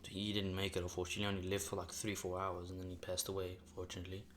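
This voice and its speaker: A man's voice: deep voice, monotone, rapid-fire, fairly bright tone, a little hiss or hum. A young man talking casually in a rambling mukbang vlog, swearing freely, recorded in a sparsely furnished room at home that he says echoes. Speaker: mukbang vlogger.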